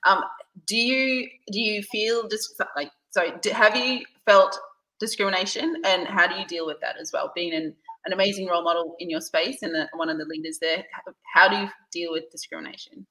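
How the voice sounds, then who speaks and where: A woman's voice: on the low side, a little fast, pushed and bright. A woman hosting a casual interview, enthusiastic and reading out viewer comments. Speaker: host. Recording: echoey room.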